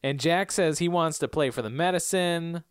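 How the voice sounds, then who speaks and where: A man's voice: a little high, moderate pace, clean tone, dry recording, clean studio sound. A man co-hosting a podcast, recapping a TV episode in jokey, punning chat. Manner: jokey, punning, animated storytelling. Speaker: podcast co-host.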